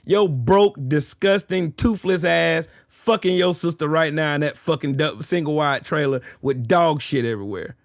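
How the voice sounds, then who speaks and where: Male streamer, fairly high voice, profane and boastful, heckles and repeats taunts; dry close sound. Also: normal speed, few pauses, no room sound. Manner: taunting, mocking, repeats his jabs. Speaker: streamer arguing with chat. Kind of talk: livestream trash talk.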